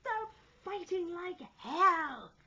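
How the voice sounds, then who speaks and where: A woman voicing a male sailor shouting urgently as he climbs the rigging. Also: very high-pitched, expressive, drawn-out words, dull audio, voice pushed up, exaggerated voice. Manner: shouting, gasping.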